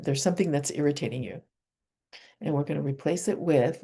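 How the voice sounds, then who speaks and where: Woman on a video call doing an energy healing session, low mellow voice, slow soft affirmations. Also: breathy edge. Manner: calm, slow affirmations with soft whispered repeats; asks herself questions aloud while dowsing a chart.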